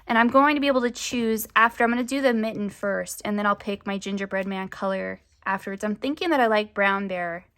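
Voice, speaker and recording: A woman's voice: medium pitch, fairly bright tone. A young woman chatting casually to camera as a crafting vlogger, rambling with lots of fillers, her voice often rising at the ends of sentences.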